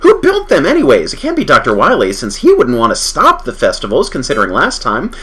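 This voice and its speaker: A man's voice: mid-range voice, wildly swooping pitch, brisk, fairly bright tone, slight background noise. Rambling friendly female scientist, everyday voice from a man reading her lines.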